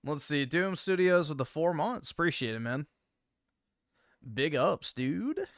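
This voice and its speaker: Brief: male streamer, smooth and dry close sound, laid-back casual chat with mumbled asides. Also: fairly high pitch, lively intonation, measured pace, a bit bright, no echo. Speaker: livestream host.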